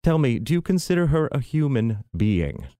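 A man's voice: mid-range voice, big pitch swings, normal speed, mellow, no echo, studio quality, pitched above the performer's own voice, lightly acted. A man voicing a theatrical, bitter, self-pitying aging mother in an arch, mannered way.

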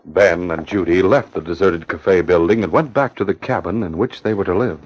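A man narrating a 1950s radio drama in a measured, even storytelling voice. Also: sits low, noisy background. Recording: dull 1950 radio recording.

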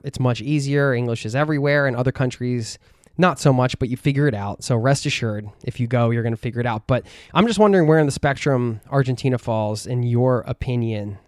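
Man hosting a relaxed travel chat. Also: mid-range voice, no echo, clean studio sound. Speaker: host. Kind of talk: casual interview.

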